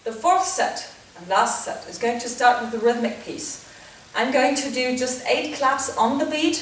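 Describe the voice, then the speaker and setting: A woman teaching a dance routine, counting the beats and calling each step in rhythm. Her voice sits a little high and comes from some distance away. It rings in a very echoey room with loud noise behind it. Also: unhurried.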